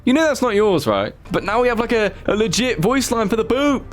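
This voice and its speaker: Excitable, crude male gaming YouTuber. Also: high-pitched, a little fast, faint music behind. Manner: excitable, crude, jokingly scolds himself. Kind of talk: casual gameplay commentary.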